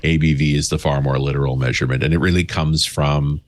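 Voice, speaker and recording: A man's voice: extremely low pitch, fairly even intonation, quick pace, slight background noise. A man as a regular co-host in casual podcast chat, explaining things at length and wandering off into tangents.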